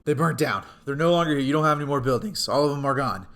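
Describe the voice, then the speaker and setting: A man voicing an out-of-breath servant who bursts in with bad news, talking loud and urgent. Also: medium pitch, quick pace, close to an everyday voice.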